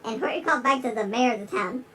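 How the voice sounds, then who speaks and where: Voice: mid-range voice, fast talker, a bit bright, lightly acted, low-quality recording. A performer voicing a giggly big-lipped alligator who gives a dramatic rhyming storybook reading. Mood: storytelling. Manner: reads in rhyme and keeps breaking into giggles.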